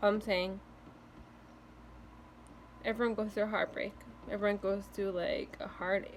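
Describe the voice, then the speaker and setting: A woman's voice: mid-range voice, little pitch movement, unhurried, long pauses, slight background noise. A young woman vlogging casual, earnest breakup advice, reassuring and full of "like" fillers, with hiccups now and then. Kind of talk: casual heartfelt advice to camera.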